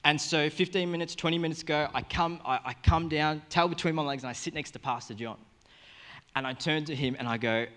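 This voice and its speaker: A man's voice: fairly high pitch, a little fast. Joking Australian man preaching. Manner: joking, animated storytelling with sudden loud and soft swings. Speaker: pastor. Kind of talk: sermon. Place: church service in front of a congregation.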